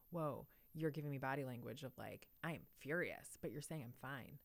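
A woman's voice: a bass voice, normal speed, vocal fry, few pauses, dry recording. A woman in her thirties talking in a thoughtful, reflective way on a podcast and laughing often. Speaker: podcast co-host. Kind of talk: casual conversation.

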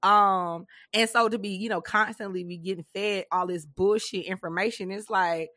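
A woman co-hosting a podcast in casual chat, animated and dramatic, often laughing. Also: mid-range voice, normal speed, few pauses, dry recording, studio quality. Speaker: podcast co-host.

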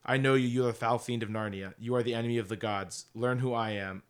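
A man reading aloud the lines of a proud, furious young prince, loud and threatening. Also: mid-range voice, fairly even intonation, fast, clear, resonant tone, close to an everyday voice. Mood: ranting.

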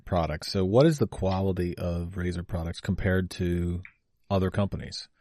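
A man's voice: low voice, moderate pace, dark tone. A man co-hosting a podcast, chatting playfully and teasing his co-hosts. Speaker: podcast co-host. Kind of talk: casual chat.

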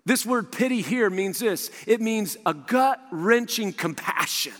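A man preaching a sermon, animated, often acting out what the people in the story say. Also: sits high, measured pace. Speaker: pastor. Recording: reverberant hall.

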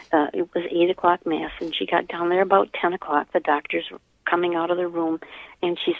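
Older lady telling her story over a tinny phone line, kinda gravelly, slightly low, halting. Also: no echo. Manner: earnest, halting, with repeated restarts. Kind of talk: personal storytelling.

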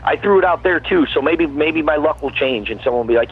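Phoning in as a guest musician, a man speaks quickly and expressively in a fairly high, breathy voice. The chat is casual, rambling and repetitive, and the line sounds tinny.

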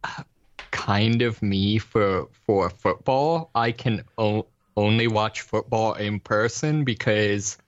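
A man's voice: fairly low pitch, takes it slowly. A man in casual podcast chat, rambling with many fillers and restarts. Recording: slightly dull lo-fi recording.

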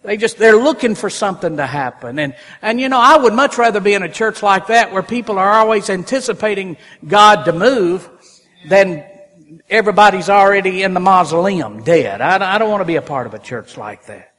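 Man, high voice, preaching a sermon, animated with loud bursts, long church reverb. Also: a little fast. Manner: animated, rising to loud exclamations. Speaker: pastor. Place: church sanctuary.

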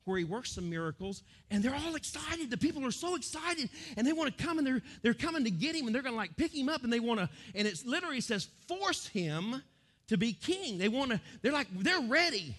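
Animated, high-pitched preacher man. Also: brisk. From United States. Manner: animated, acts out crowds and quotes with sudden loud high bursts. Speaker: pastor. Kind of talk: sermon.

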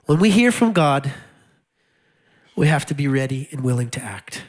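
A man's voice: medium pitch, very animated, moderate pace. A male pastor preaching a sermon in a conversational way, with wry laughs and repeated key lines.

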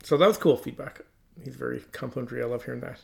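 A man with a gravelly, creaky voice co-hosts a podcast. He keeps the chat loose and friendly and breaks into laughs easily. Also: medium pitch, rapid-fire, a little mellow, faint music behind. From Newfoundland, Canada. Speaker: podcast co-host. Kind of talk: casual chat.

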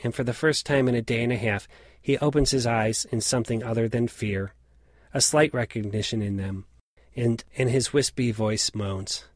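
A man in his late forties reading a reflective personal story in a measured, scripted narration. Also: medium pitch, fairly even intonation, dry recording, studio quality. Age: late 40s.

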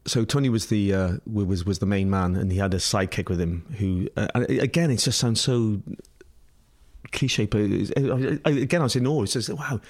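A man's voice: fairly low pitch, moderate pace, a little mellow. A middle-aged Scottish man, an interview guest, telling a story casually with many restarts, fillers and laughs. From Scotland.

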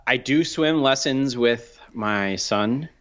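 A man in his thirties co-hosting a podcast in casual chat, with low-key, dry humor. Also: slow, a bit bright. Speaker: podcast co-host. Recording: slightly dull, muffled sound.

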